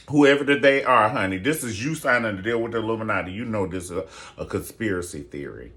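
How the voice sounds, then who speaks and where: A man hosting a casual gossip commentary show, sassy and theatrical, jumping into high falsetto exclamations. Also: expressive, moderate pace, fairly bright tone. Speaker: show host.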